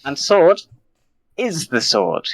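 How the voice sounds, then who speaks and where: Halting, mock-formal British man. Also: fairly high pitch, very animated, no echo, low-quality recording. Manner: mock-formal, hesitant, with many ums and restarts. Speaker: presenter in a comedy sketch. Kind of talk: improvised comedic pitch.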